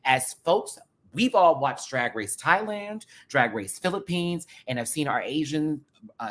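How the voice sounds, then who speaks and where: A man hosting his own review channel talks straight to camera in a sassy, animated style, full of drag slang. His voice is bright and forceful, and sits at a middle pitch. He swings from loud bursts to hushed asides. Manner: drag slang, calls viewers sister and baby. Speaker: drag race show reviewer, channel host. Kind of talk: casual commentary to camera.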